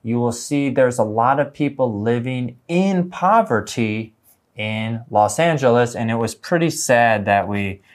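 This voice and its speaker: A man co-hosting an English lesson, reading example sentences slowly and clearly, then chatting casually. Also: medium pitch, lively intonation. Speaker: English teacher co-host.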